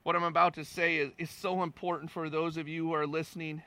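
High, gravelly, bright-voiced preaching man. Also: little pitch movement, fast talker, no room sound. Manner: conversational and emphatic, repeating phrases for stress, with wide swings in loudness. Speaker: pastor. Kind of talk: sermon.

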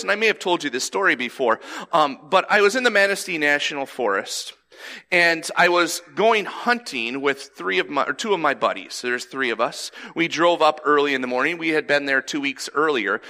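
A man, telling a personal story in a sermon and acting out the lines he quotes. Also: a little high. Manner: animated, acts out quoted lines. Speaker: pastor.

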